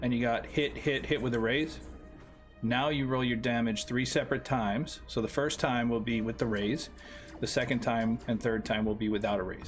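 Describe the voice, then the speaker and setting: A man running a tabletop roleplaying game as game master, explaining dice rolls and damage over voice chat in a halting, stop-start way. his voice sits at an ordinary pitch for a man, and soft music plays in the background. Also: steady tone. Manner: halting, restarts often while working the tool.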